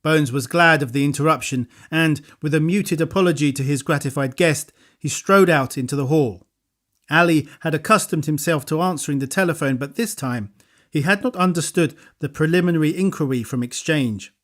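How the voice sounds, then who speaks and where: A man narrating an audiobook thriller in a measured, even storytelling delivery. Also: on the high side. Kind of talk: scripted narration.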